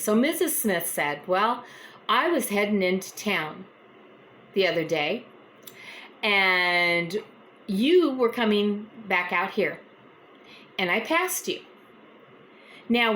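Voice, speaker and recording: A woman's voice: on the low side, slight background noise. Chatty folksy woman telling a story. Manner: chatty, folksy, animated when retelling. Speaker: host of a faith encouragement vlog. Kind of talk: casual storytelling talk.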